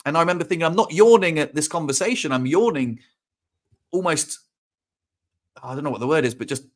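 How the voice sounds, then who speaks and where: A man's voice: a little high, animated, brisk. A young adult man telling a story in casual chat, rambling with restarts and acting out quotes. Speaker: podcast host.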